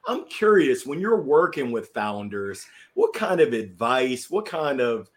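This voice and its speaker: A man's voice: mid-range voice, very animated, unhurried. A man hosting a podcast, asking his guest questions and reacting with short exclamations. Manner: eager, reacts with short interjections. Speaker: podcast host. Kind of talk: interview questions.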